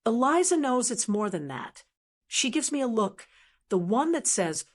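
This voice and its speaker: An older woman reads a first-person family story aloud, reflective and emotional. Her voice sits fairly high for a woman. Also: sing-song, unhurried. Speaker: narrator.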